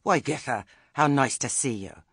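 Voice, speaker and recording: A man's voice: medium pitch, normal speed, creaky, fairly bright tone, husky, no room sound, clean studio sound, voice pushed up. A man voicing a stern elderly witch who is acting oddly sweet, with prim, earnest, clipped rural speech.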